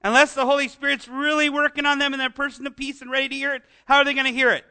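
A man's voice: very high-pitched, little pitch movement, racing, pushed and bright. A Canadian man preaching a sermon as pastor, in a conversational style with chatty asides.

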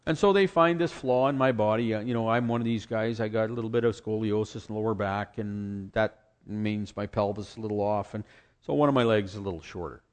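A man's voice: fairly low pitch, fairly quick. A man telling his personal faith story in a conversational way, with restarts and short acted quotes of others.

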